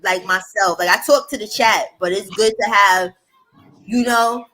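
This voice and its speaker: A woman's voice: mid-range voice, unhurried, pushed and bright, faint music behind, poor audio. Slangy, casual woman hosting a livestream. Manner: loose, slangy and profane, chatting to viewers. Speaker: livestream host.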